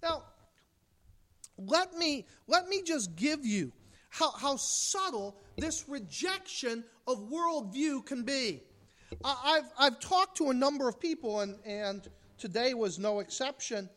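A woman's voice: sits high, lively intonation, slow, a bit bright. A woman from the United States preaching a sermon, emphatic, with rhetorical questions and mocking asides.

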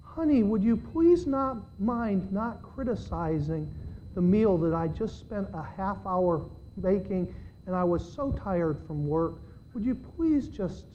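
A man voicing a tired wife who pleads softly and overly politely with her husband, spoken quietly. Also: sits high, slow pace, muffled recording, slight background noise. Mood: sweetly pleading. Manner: soft, overly polite and calm.

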